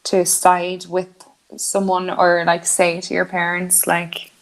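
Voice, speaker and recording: A woman's voice: fairly low pitch, completely flat delivery, slow. A woman, co-hosting a podcast and telling a story in casual chat, acting out the lines of the people in it. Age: 20s. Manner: storytelling, acting out quotes, laughing often. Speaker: podcast co-host.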